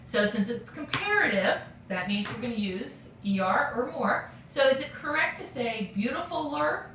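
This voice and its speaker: A woman's voice: on the high side, animated, moderate pace, a bit bright, recorded from a distance, a little hiss or hum. Patient woman teacher in an echoey room. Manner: patient, checks in with frequent okays. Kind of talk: recorded grammar lesson for students.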